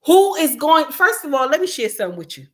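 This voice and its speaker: A middle-aged woman, giving an impassioned commentary monologue, repeating her points and shouting for emphasis. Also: high-pitched, big pitch swings, fairly quick. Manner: preachy, repeats lines for emphasis, shouts at times. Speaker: commentary vlogger.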